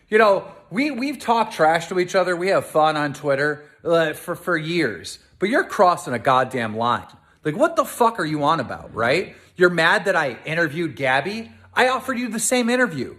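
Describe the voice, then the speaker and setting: Man, angry rant, high voice, lively pitch, repeats himself, heated. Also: normal speed, hardly any pauses. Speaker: online show host in a clip. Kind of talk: angry ranting video.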